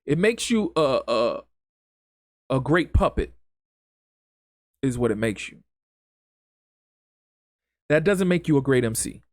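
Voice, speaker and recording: A man's voice: mid-range voice, big pitch swings, slow, pauses often, dry recording. A man hosting a solo podcast, speaking in an impassioned, emphatic way with lots of repetition and casual grammar. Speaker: podcast host.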